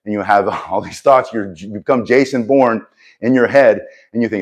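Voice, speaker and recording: Earnest middle-aged self-defense instructor. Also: male voice, medium pitch, brisk, darkish tone. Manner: earnest, motivational, loose with restarts and chuckles. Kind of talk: casual direct-to-camera talk.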